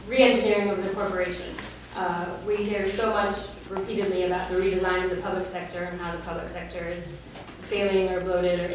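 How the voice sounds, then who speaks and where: A woman on a panel giving measured, deliberate remarks. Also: on the low side. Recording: echoey room from far off, noise behind.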